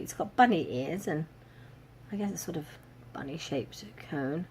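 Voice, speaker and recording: A woman's voice: low voice, lively intonation, moderate pace, slight background noise. Chatty woman unboxing crafts. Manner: chatty, amused, given to little laughs. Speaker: crafting vlogger. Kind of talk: casual unboxing chat.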